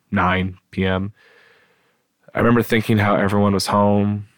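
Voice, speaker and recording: A man telling his own painful story aloud in a halting, subdued way, stumbling over repeated starts. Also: deep voice, fairly bright tone, no echo. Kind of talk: personal storytelling, read aloud.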